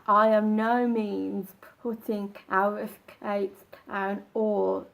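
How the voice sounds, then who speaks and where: A woman giving casual advice to camera, talking in halting, broken phrases with frequent restarts. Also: mid-range voice, flat delivery, vocal fry. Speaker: vlogger.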